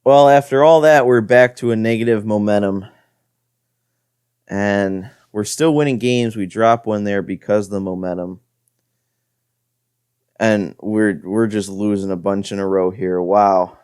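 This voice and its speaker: A man's voice: fairly low pitch, a little slow, a little mellow, smooth, no room sound, clean studio sound. A young man giving casual play-by-play commentary on his own video game, frustrated and self-deprecating. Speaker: gaming channel host. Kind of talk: gameplay commentary.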